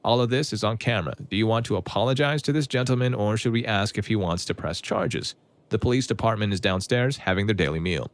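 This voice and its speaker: A man voicing a calm, stern male security guard within a narrated story. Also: fairly low pitch, fast, no room sound, close to an everyday voice. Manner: calm and firm.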